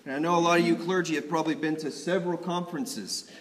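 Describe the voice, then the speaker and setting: Young preacher telling a story in a reverberant church. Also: male voice, fairly high pitch, fairly even intonation, fast, fairly bright tone. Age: young adult. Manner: vivid, conversational storytelling. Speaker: preacher at an ordination. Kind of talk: sermon. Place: church sanctuary.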